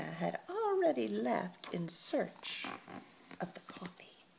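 Slow, expressive woman storyteller. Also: on the low side, gravelly, breathy edge. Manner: expressive, playful. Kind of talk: children's story read-aloud.

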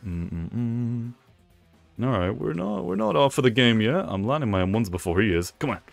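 A man's voice: mid-range voice, animated, quick pace, gravelly, no room sound, soft background music. A young man giving live commentary over his own gameplay, playfully teasing his opponent with mock complaints. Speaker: gaming video creator.

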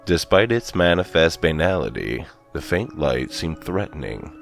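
Very deep-voiced male horror narrator. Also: sing-song, gravelly, faint music behind. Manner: slow, grave, dramatic reading.

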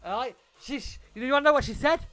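A young man tells a story on a gaming livestream in a high, bright, sharp voice. He is animated and swears freely, stumbling over repeated words. Faint music plays underneath. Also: racing. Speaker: gaming streamer.

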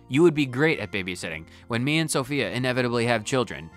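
Man, let's-play commentary, rambling to himself, bright voice, faint music under. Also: mid-range voice, big pitch swings, fast, few pauses. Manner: rambling, talks to himself, goes off on tangents. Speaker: gaming video host.

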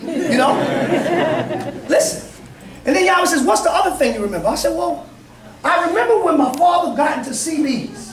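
Fervent, high-voiced preaching bishop. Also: male voice, lively intonation, moderate pace, pauses often, a little hiss or hum. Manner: fervent, storytelling, often shouting. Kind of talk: sermon. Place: church sanctuary. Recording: echoey church from a distance, congregation audible.

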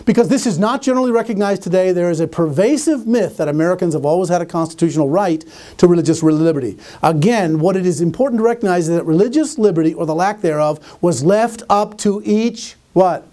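A man giving a lecture with stories, animated, asking his audience questions and often restarting his phrases. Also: high-pitched, fast talker. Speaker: conference speaker and teacher. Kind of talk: lecture with storytelling.

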